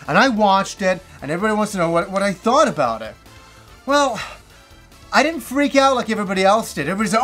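Animated high-voiced male host. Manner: animated, rambling storyteller with quick pitch jumps. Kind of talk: casual solo chat.

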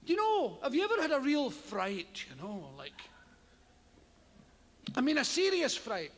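A man's voice: very high voice, measured pace. Scottish guy doing standup, swears a lot, yelps out the noises himself, big hall echo. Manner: profane, animated, acts out yells and noises. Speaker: stand-up comedian. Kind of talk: stand-up storytelling. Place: theatre stage before a live audience.

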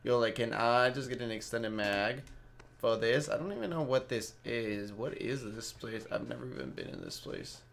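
A man's voice: mid-range voice, normal speed, gravelly, a bit bright, slight background noise. A young Mexican-Canadian man casually rambling through live gameplay commentary and chatting with his viewers by name. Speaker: game streamer.

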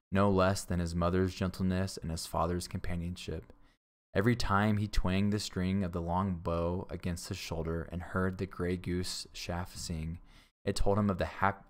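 A male teacher reads a classic adventure story aloud to his class. His voice is deep and low. He trips over a word now and then, corrects himself, and stops to explain a phrase. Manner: stumbles and corrects himself, pauses to explain words.

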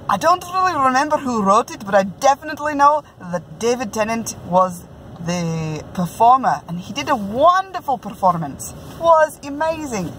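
A woman's voice: on the high side, fairly bright tone, slight background noise, rough recording. Woman in a put-on Scottish brogue. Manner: chatty, self-mocking, often breaking into laughter. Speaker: book reviewer. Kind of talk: casual book review vlog.

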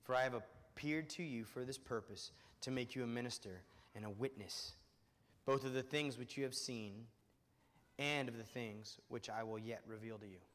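A pastor preaching a sermon to his church, dropping to a hush on quoted words and rising loud on emphasis. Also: medium pitch, moderate pace. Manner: swings from hushed, soft quoting to loud, soaring emphasis. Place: church sanctuary. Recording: long hall reverb.

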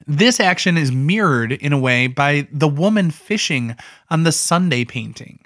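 A man hosts a casual art history talk, walking through a painting in a loose, conversational way. His voice sits a little higher than most men's, and he drops in offhand asides as he goes. The sound is dry and close, with no room around it. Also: expressive, a little slow, a bit bright, no room sound.

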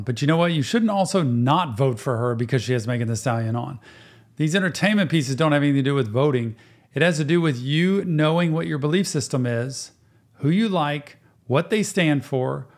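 A man who works as a therapist, hosting a casual reaction show and giving earnest advice. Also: medium pitch. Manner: earnest, advising.

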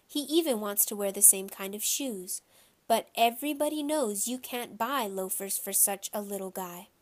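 A woman reading a children's novel aloud in a steady storytelling voice. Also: medium pitch, moderate pace. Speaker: audiobook reader.

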